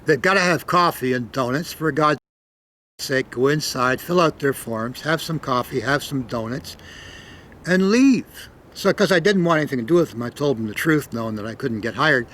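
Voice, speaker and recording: A man's voice: mid-range voice, lively intonation, moderate pace, fairly bright tone, slight background noise, low-quality recording. An older man from Canada telling stories in a loose, rambling monologue, cursing freely and punching words with sudden emphasis. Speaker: storyteller. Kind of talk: casual spoken monologue.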